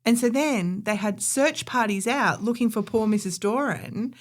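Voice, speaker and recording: A woman's voice: fairly high pitch, normal speed. A woman, co-hosting a podcast and telling a history story in a chatty, opinionated way. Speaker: podcast co-host. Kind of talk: casual storytelling chat.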